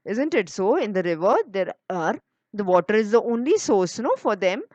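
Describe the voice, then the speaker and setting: A woman's voice: medium pitch, sing-song, normal speed, darkish tone, dry recording, lo-fi sound. A woman teacher, patiently explaining a school lesson and mixing in Hindi filler words.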